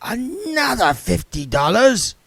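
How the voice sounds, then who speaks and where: A man voicing a shifty beggar who talks high, slow and drawn-out. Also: sing-song, vocal fry, a bit bright, dry recording, full character voice. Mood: sly.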